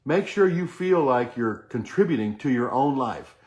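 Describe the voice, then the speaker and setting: In a motivational talk, a middle-aged male host with a mid-range, slightly mellow voice and lively intonation speaks at normal speed. He earnestly chants affirmations over and over, leading the listener along.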